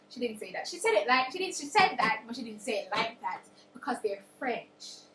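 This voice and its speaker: Young Jamaican woman, high voice, animated casual book-recap vlogger, echoey room. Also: fast talker. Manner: animated, acts out characters' quotes. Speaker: book reviewer. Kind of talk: casual plot retelling. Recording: echoey room with faint noise.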